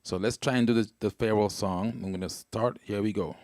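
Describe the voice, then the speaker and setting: A man's voice: on the low side, fairly even intonation, a little fast, long reverb tail. A man casually talking livestream viewers through a keyboard demo on a wireless handheld mic, checking comments as he goes. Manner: casual, talks viewers through each step. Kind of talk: live product demo with singing. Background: keyboard music.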